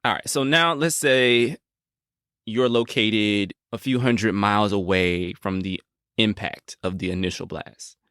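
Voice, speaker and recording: A man with a fairly low voice co-hosts a casual podcast. He sounds laid-back and joking, with plenty of slang, and the recording is close and dry. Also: a little slow, fairly bright tone, clear, resonant tone, no room sound. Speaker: podcast co-host.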